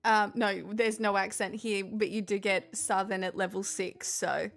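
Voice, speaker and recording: A woman's voice: mid-range voice, flat delivery, unhurried, gravelly, soft background music. A young woman streaming a game, bantering playfully with her sister and laughing often. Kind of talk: live game stream chat.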